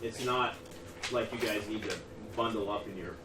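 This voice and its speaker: A man running a tabletop game, describing scenes with fillers and pauses. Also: lowish voice. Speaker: game master. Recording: echoey room, distant mic, noisy.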